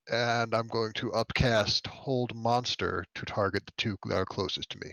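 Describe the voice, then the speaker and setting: A man playing a tabletop game, hesitant with many pauses before stating his moves. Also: fairly low pitch, fairly even intonation, fairly bright tone, dry recording. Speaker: player. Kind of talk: casual tabletop play.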